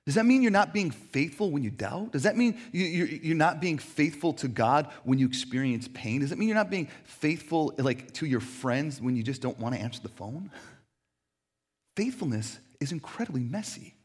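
A man's voice: on the high side, lively intonation, moderate pace, slightly rough. A man preaching a sermon as a pastor in a church, talking in a casual, conversational way with frequent fillers.

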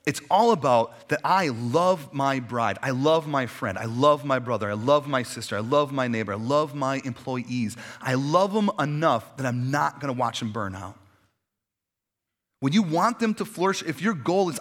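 A man's voice: a little high, animated, measured pace, fairly bright tone. A man pastor preaching a sermon in a conversational way, stacking repeated phrases for emphasis and dropping in casual asides.

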